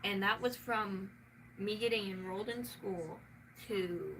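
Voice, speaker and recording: A woman with a Southern US accent chats casually, rambling from one thought to the next and swearing often. Her voice sits a little back from the microphone, and steady background noise runs under it. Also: medium pitch, unhurried. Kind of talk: casual chat. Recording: noisy room, mic at a distance.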